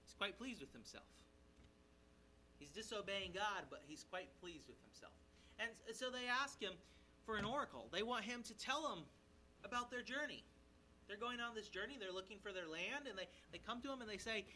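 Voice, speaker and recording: Guy pastor giving a sermon, kinda high voice, chatty, acts out the bible people, bit of faint noise behind. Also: rough recording. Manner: animated, voices the characters' lines in quick asides; conversational, checks in with the listeners. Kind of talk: sermon, expository Bible teaching.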